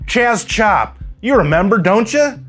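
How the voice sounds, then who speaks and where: A man's voice: sits high, big pitch swings, measured pace, fairly bright tone, faint music behind. A man from Chicago delivering scripted political commentary in a sarcastic, wry manner. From Chicago, USA.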